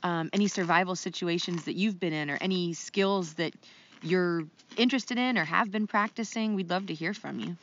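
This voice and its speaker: A woman co-hosting a casual podcast, speaking softly and a little hesitantly. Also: fairly low pitch, normal speed, dull audio. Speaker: podcast co-host.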